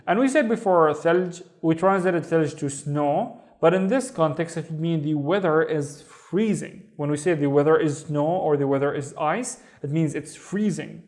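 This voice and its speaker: A man teaching a beginner reading lesson, patiently breaking words into syllables and sounding each one out slowly. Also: a little high, a little mellow. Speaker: Arabic teacher.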